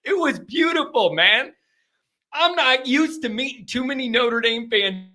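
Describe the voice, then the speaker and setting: A man hosting a live call-in sports chat, talking in an animated, rambling way and often repeating himself. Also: extremely high pitch, measured pace. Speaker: live-stream sports host.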